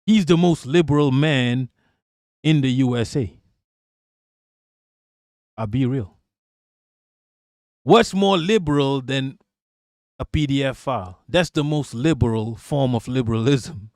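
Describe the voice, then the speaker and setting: A man's voice: medium pitch, unhurried, pauses often, darkish tone, no echo, clean studio sound. A man giving a casual livestream rant as an online political commentator, emphatic and profane, firing off rhetorical questions and repeating himself.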